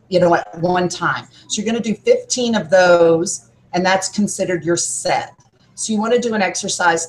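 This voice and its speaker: A woman's voice: medium pitch, slight background noise, low-quality recording. A woman who works as a gym trainer, a podcast guest giving upbeat, coach-like workout advice.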